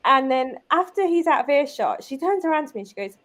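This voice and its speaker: A British woman in her thirties with a somewhat high voice talks in a relaxed, conversational way. She tells stories quickly and animatedly, filling pauses with "like" and "um". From United Kingdom. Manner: lively, chatty, many fillers like "like" and "um". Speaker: guest, business owner and mother. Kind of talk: casual conversational storytelling.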